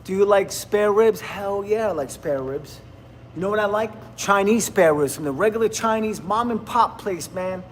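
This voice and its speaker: A man's voice: sits high, moderate pace, a little hiss or hum. A man, rambling bluntly and laughing often in casual livestream chat with viewers. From New Jersey, USA. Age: 50s. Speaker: livestream host.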